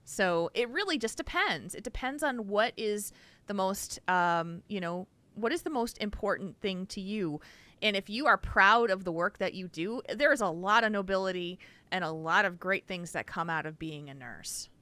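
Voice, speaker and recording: A woman's voice: medium pitch, lively intonation, moderate pace, sharp tone. A woman co-hosting a podcast, giving earnest, chatty advice in a casual way. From Wisconsin, US. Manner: earnest, advice-giving, with frequent you-knows. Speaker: podcast co-host.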